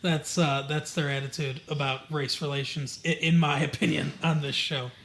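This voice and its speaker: A man with a fairly high, bright voice chatting loosely as a podcast co-host. He rambles with lots of fillers and slips into the characters' lines as he retells scenes. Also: little pitch movement, normal speed. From Michigan. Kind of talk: casual chat about a TV show.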